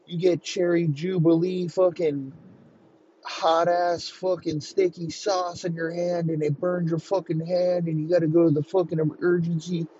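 A man putting on a high, whiny voice for a panicked, wounded waiter ranting about his burnt hand. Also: little pitch movement, moderate pace, dark tone, highs cut off, a little hiss or hum, close to an everyday voice. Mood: whining rant.

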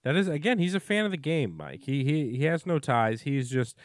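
A man's voice: fairly high pitch, big pitch swings, normal speed, dry recording, clean studio sound. A man co-hosting a podcast in casual chat, giving wry, joking reactions. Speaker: podcast co-host.

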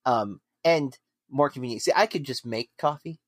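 A man's voice: mid-range voice, moderate pace, no echo, clean studio sound. A man hosting a film podcast, chatting casually and rambling with lots of fillers and restarts. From United States. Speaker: podcast host. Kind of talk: casual chat.

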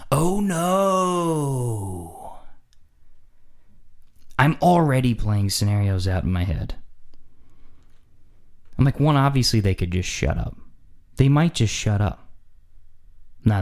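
A man telling a funny story in a casual podcast chat, acting out scenes and repeating lines for effect, close to a studio mic. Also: on the low side. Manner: animated, acts out scenes, repeats phrases for effect. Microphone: studio microphone.

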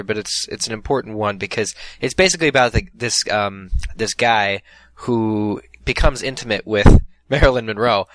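Man, low voice, casual rambling chat, dry close sound. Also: fairly bright tone, dry recording. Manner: rambling, many restarts and fillers.

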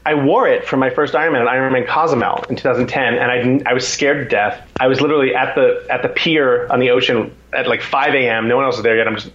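A man's voice: mid-range voice, steady tone, fast, few pauses, a bit bright. A man in his forties tells self-deprecating stories as an interview guest, with lots of restarts. His voice sits in the middle range, and the recording sounds dull and lo-fi. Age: 40s. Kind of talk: casual interview storytelling.

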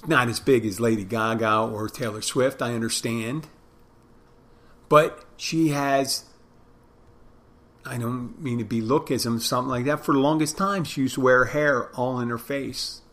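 A man's voice: medium pitch, fairly even intonation, measured pace, fairly bright tone. A man hosting a podcast, talking in a casual, opinionated way with sarcastic, profane asides. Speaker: podcast host.

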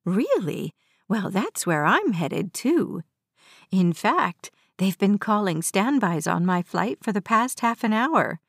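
A woman voicing a calm, confident white-haired old woman who speaks in a gentle, friendly way. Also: medium pitch, takes it slowly, husky, dry recording, clean studio sound, exaggerated voice. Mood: cheerful.

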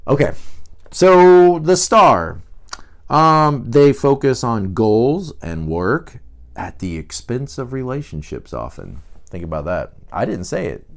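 A man's voice: medium pitch, slow, gravelly. A man teaching in a conversational, digressive way, with frequent asides and fillers. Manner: animated, digressive, many fillers.

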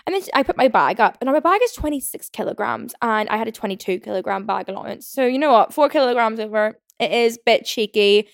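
A young woman hosting a podcast, telling a story in a fast, chatty rant full of swearing and fillers. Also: a little high, lively intonation, creaky, no echo, clean studio sound. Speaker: podcast host. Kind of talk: casual solo rant.

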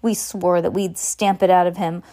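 A woman's voice: on the low side, little pitch movement, moderate pace, mellow, close to an everyday voice. A stern, blustering middle-aged uncle, read by a woman in near her own voice, scornful and set on stamping things out. A storybook character with little change from the reader's everyday tone. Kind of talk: amateur audiobook reading.

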